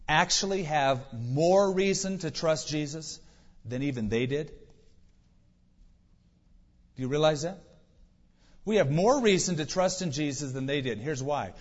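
A man's voice: on the high side, breathy edge. A male pastor preaching a sermon, driving points home with emphatic rhetorical questions. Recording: dull reverberant hall recording.

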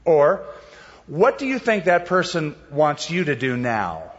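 A man's voice: fairly high pitch, sing-song, unhurried, big-room sound, lo-fi sound. A male pastor preaching a sermon in a conversational, explanatory way. He poses rhetorical questions and walks his listeners through the story.

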